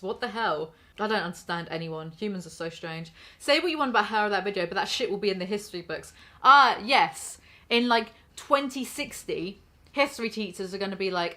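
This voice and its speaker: A woman's voice: fairly high pitch, a little fast, pushed and bright. A young woman ranting through a sarcastic, blunt commentary and swearing freely. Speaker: commentary YouTuber. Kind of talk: reaction commentary rant.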